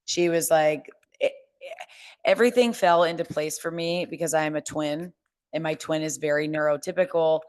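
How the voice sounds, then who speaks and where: A woman's voice: deep voice, steady tone, moderate pace, a little mellow. A young woman hosting a podcast, talking openly and with feeling, full of fillers and restarts. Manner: open, emotional, chatty with many fillers and restarts. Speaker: podcast host. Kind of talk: candid casual chat.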